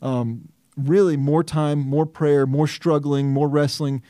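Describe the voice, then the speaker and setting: An earnest male pastor working through a scripture text, with a slightly high but mellow voice. He thinks out loud, restarts phrases and questions himself as he goes. The sound is dry and close to the mic. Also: steady tone, takes it slowly, no echo. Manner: earnest, reasons aloud with restarts and self-questions. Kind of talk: expository sermon.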